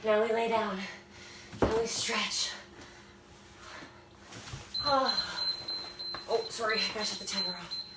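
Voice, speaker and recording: A woman's voice: medium pitch, fairly even intonation, slow pace, pauses often. A woman leading a home workout class, chatting and cheering viewers on between breaths, filmed on a phone from across the room. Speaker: fitness instructor. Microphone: phone camera from a distance. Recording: echoey room, distant phone mic, background noise.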